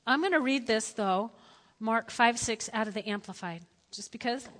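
A woman preaching a lively sermon, telling Bible stories and acting out the quotes herself. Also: on the high side, moderate pace, big-room sound. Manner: animated storytelling, acting out quotes.

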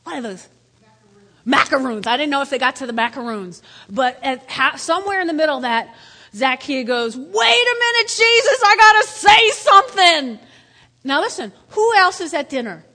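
A woman pastor preaching a lively sermon in church, swinging between loud calls and hushed asides. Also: sits high, brisk. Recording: echoey hall.

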